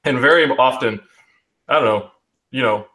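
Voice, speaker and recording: A man's voice: medium pitch, normal speed, pushed and bright. A young man hosting a casual online group discussion over a video call, reflective and full of ums and restarts. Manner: reflective, talks in restarts with um and you know. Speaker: host of an online group chat.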